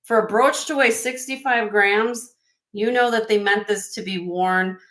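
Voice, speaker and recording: A vintage jewelry seller with a Midwestern accent hosts a live stream, chatting effusively as she shows off every piece. Her mid-range voice is a bit bright, with fairly even intonation and a slightly slow pace. The recording quality is low.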